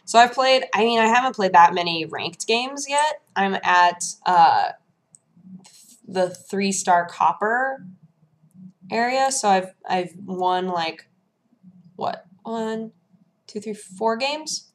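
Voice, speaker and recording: A woman vlog host chatting casually and telling lively stories, acting out her own reactions in hushed voices. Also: medium pitch, takes it slowly, pauses often. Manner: animated storytelling, acts out her own quotes in hushed voices. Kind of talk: casual chat.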